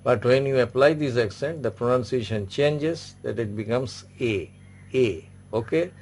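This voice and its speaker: A man's voice: mid-range voice, normal speed, darkish tone, slight background noise. A man teaching an online French class, patiently repeating each word and example several times. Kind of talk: online language lesson.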